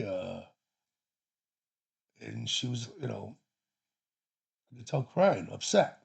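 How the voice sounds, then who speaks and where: Gravelly, raspy-voiced man telling stories. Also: medium pitch, sing-song, slow. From Chicago, USA. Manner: rambling, profane, many restarts. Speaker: storyteller. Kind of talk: casual personal storytelling.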